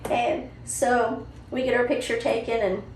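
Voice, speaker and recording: Chatty mom host telling a story, kinda high voice, echoey room, mic set back with faint background hum. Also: female voice, measured pace. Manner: chatty, animated, lots of "you know" and "right?". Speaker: podcast host. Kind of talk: casual storytelling. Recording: roomy, distant mic, faint ambience.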